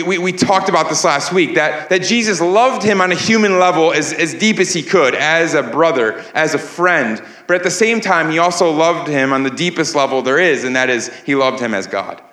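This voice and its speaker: A male pastor delivers a sermon with earnest, repeated emphasis. His voice sits a little high for a man, and the room around him rings with echo. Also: fairly bright tone. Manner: earnest, repeats words while building emphasis. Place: church sanctuary.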